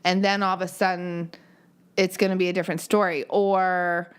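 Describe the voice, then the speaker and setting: A woman's voice: lowish voice, level tone, moderate pace, clean tone. A woman co-hosting a casual podcast chat, blunt and opinionated with frequent swearing. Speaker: podcast co-host.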